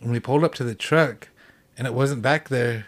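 A man as a podcast guest, telling a hunting story in a rambling way, full of "like" fillers. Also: mid-range voice. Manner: fast rambling with many "like" fillers. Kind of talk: casual storytelling.

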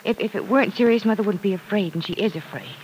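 An earnest young woman with worry in her voice, played by an actress in a vintage radio drama. The delivery is heartfelt and clear, with a faint hiss under the old broadcast. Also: mid-range voice, fast talker, darkish tone, natural voice, poor audio. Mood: anxious. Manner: anxious, earnest, playful at times. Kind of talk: 1940s radio drama acting.

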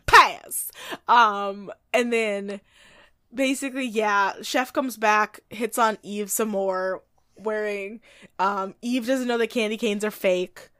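A woman's voice: medium pitch, fairly even intonation, takes it slowly, a bit bright, no room sound, clean studio sound. A woman co-hosting a podcast, chatting casually and snarkily about a movie, laughing often. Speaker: podcast co-host recapping a movie. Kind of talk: casual chat.

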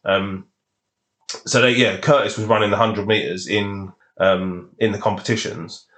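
A man, a guest on a podcast, telling lively stories from his past. He swears freely and laughs as he talks. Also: lowish voice, unhurried. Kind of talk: casual storytelling.

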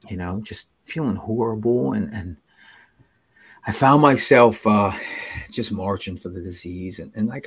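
A man telling his own recovery story as a podcast guest, earnest and halting, with many restarts and dips to near whispers. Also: on the low side, breathy edge. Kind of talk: personal storytelling in an interview.

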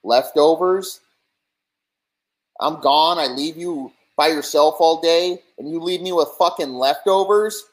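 A man's voice: on the high side, a little slow, voice pushed up, lightly acted. A man putting on a raging drunk dad. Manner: shouting, profane ranting. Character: raging drunk middle-aged father, volatile and threatening.

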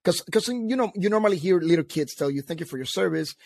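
A man with a fairly high voice tells stories from his army days in a casual chat, slipping into voices for the people he quotes. The sound is dry and close. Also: animated, quick pace, vocal fry, darkish tone, dry recording. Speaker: veteran guest.

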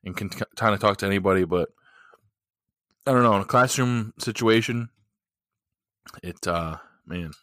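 A man's voice: fairly low pitch, normal speed, pauses often, fairly bright tone, no echo, studio quality. A man co-hosting a podcast in casual chat, encouraging and laughing, with many ums and uhs. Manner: laughing, encouraging, heavy with fillers. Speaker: podcast co-host.

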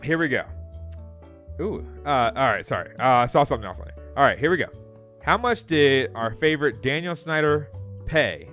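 A man's voice: mid-range voice, animated, moderate pace, a bit bright, soft background music. A young man co-hosting a podcast, bantering easily about sports and often laughing. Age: young adult. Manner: easygoing, laughing, trailing off. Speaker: podcast co-host. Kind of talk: casual sports chat.

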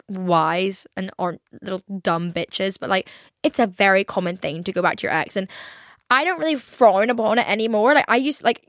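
A woman's voice: medium pitch, a bit bright, no echo, clean studio sound. A young woman in her twenties hosting a podcast, chatting casually with lots of fillers and casual swearing. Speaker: podcast host. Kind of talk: casual solo chat.

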